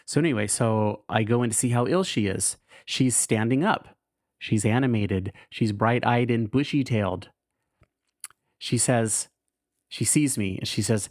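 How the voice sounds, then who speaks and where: A man's voice: fairly low pitch, unhurried, darkish tone, no echo, studio quality. A man hosting a podcast, candidly reading his caregiving diary aloud in a wry, self-mocking way, swearing casually. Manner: frank and wry, swears casually, laughs at himself.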